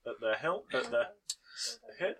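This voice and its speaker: A man running a tabletop game as game master, describing scenes slowly with many ums and restarts. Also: mid-range voice, lively intonation, fairly bright tone. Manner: hesitant, full of ums and restarts.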